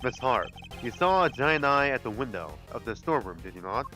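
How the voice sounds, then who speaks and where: A man voicing a cool, analytical male prosecutor, speaking in a measured, deliberate, lowered voice. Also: sing-song, bright, forceful tone, soft background music. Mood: composed. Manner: measured, deliberate, low and serious.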